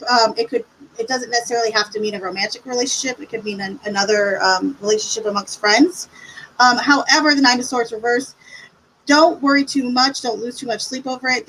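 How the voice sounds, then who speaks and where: A woman's voice: on the high side, fairly bright tone, a little hiss or hum, poor audio. A middle-aged woman giving live tarot readings on a stream, chatty and reassuring as she talks to viewers. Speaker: tarot reader.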